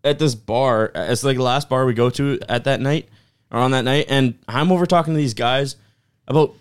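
A man's voice: medium pitch, moderate pace, smooth. A man, co-hosting a podcast and telling stories in a casual, swear-filled, laughing way. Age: 20s. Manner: animated, laughing, swears a lot. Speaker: podcast co-host. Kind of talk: casual storytelling chat.

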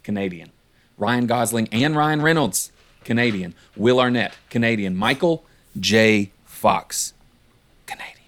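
A male podcast host chatting casually from home, quick to laugh and fond of playful apologetic asides. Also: mid-range voice, a bit bright. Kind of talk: casual chat.

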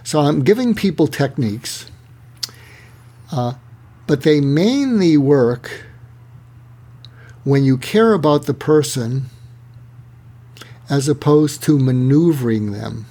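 A male author, guesting in an interview, explains techniques conversationally in a fairly high-pitched voice. He speaks slowly with long pauses, yet animatedly acts out example dialogue.

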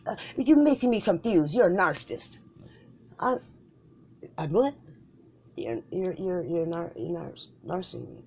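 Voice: mid-range voice, lively intonation, unhurried, pauses often, mellow, a little hiss or hum. A performer in a solo comedy skit voicing both sides of a bickering couple, with slangy, profane banter and mumbled asides. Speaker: comedic podcaster.

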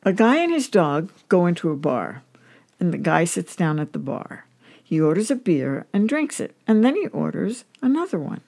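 A woman's voice: lowish voice, sing-song, normal speed, creaky, a little mellow. A woman hosting a podcast, telling dog jokes in a chatty, amused way. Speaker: host.

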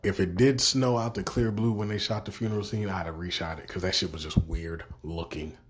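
Young male podcaster, low-pitched, profane and exasperated, circles back and repeats himself. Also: fairly even intonation, a little fast. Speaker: podcast host. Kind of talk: profane ranting review.

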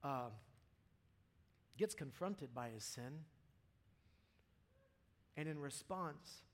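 A man preaching a casual, impassioned sermon to a church audience, dropping to near-whispers and then rising to loud, fervent peaks. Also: on the high side, lively intonation, extremely slow. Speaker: pastor.

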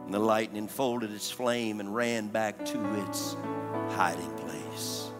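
A man preaching a sermon as pastor, in a slow cadence full of "uh" fillers that sinks to hushed, near-whispered passages. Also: lowish voice, fairly even intonation. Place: church service. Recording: live church recording in a reverberant hall with faint music.

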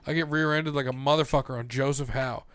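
A young man co-hosting a casual chat, telling loud, profane stories. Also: medium pitch, fairly even intonation, quick pace, smooth, no room sound. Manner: swearing, loud storytelling. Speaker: podcast co-host.

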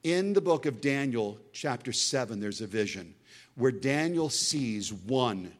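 A man preaching a sermon as a guest speaker, impassioned, swinging between loud emphatic lines and hushed, intense ones, and slowing into dramatic readings of scripture. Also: mid-range voice, expressive. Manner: quotes scripture in a slowed, dramatic read.

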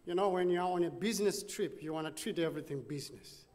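A man's voice: sits high, fast talker, darkish tone. A man from the United States with a Texan accent, preaching and telling a story while acting out both sides of the conversation. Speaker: pastor. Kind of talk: sermon storytelling. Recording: long reverb of a large hall.

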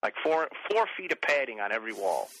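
A man, telling profane, animated stories as a podcast guest and mimicking other people. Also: medium pitch, quick pace, dry recording, poor audio. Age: 40s. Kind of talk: casual chat.

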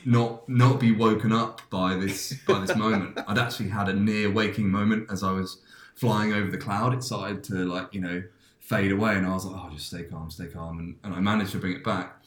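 A man's voice: on the low side, flat delivery, fairly quick. A man hosting a podcast, casually telling a dream in a rambling way with many restarts and fillers. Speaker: podcast host. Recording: roomy echo.

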